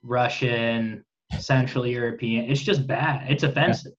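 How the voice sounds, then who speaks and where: A man's voice: medium pitch, steady tone, measured pace. A man in his twenties, a guest comedian joining by video call, talking casually and packing his sentences with "like". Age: 20s. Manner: filler-heavy, lots of "like", laughs easily. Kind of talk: casual chat. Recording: dull lo-fi call audio.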